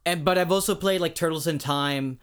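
A young man co-hosting a casual podcast, talking excitedly and rambling, with frequent swearing. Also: a little high, brisk, clean tone. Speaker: podcast co-host. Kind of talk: casual chat.

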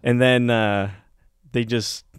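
A man's voice: medium pitch, slow pace, clean tone, no echo, studio quality. Male podcast co-host, casual storyteller who acts out other voices, clean resonant tone. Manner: animated storyteller, acts out voices, laughs often.

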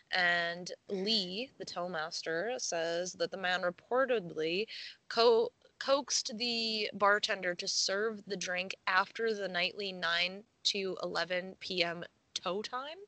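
A woman's voice: mid-range voice, sharp tone, no room sound, low-quality recording. A young woman co-hosting a casual podcast, reading a news story aloud with frequent giggles and casual swearing. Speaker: podcast co-host.

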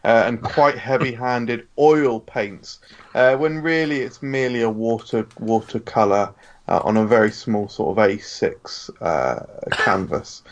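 A man's voice: medium pitch, unhurried, dull audio. A man chatting casually as a podcast guest, wry and wordy, laughing often. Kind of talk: casual chat.

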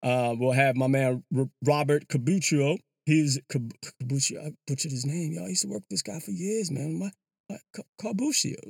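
A man's voice: a little high, dry recording. A man hosting his own podcast, talking casually and loosely, full of "yo" and restarts, from a small enclosed booth. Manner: loose and rambling, peppered with "yo" and restarts. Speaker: podcast host. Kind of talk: casual solo commentary. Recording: clear background music.

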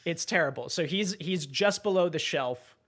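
A man co-hosting a podcast, excitedly retelling a film's plot and acting out the characters' lines. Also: a little high, normal speed, husky. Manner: animated plot retelling, acts out quotes. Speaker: podcast co-host. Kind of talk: casual film discussion.

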